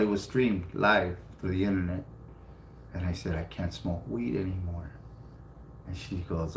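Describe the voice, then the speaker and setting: A man's voice: deep voice, steady tone, unhurried, slight background noise. Blunt, roomy-sounding man telling a story. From California. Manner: blunt, swears freely, repeats himself for emphasis. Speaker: co-host of a live Q&A stream. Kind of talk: casual storytelling. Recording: roomy home room with faint ambience.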